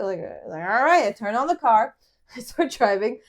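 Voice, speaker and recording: A young woman hosting a podcast, telling a dating story in casual chat, animated and swearing as she acts out the dialogue. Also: on the high side, normal speed, long pauses. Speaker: podcast host.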